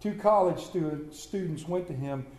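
A man's voice: fairly high pitch, unhurried, reverberant, low-quality recording. A man preaching a sermon, telling stories by turns tenderly and with humor. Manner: storytelling, shifts between hushed tender reading and lively humor. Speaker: pastor.

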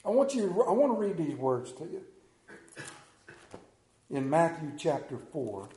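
The sermon rings through a reverberant room as a man preaches with growing feeling, his pitch high and widely swinging. Emotional and halting, he trips over and repeats words. He is very animated, and his tone is dark.

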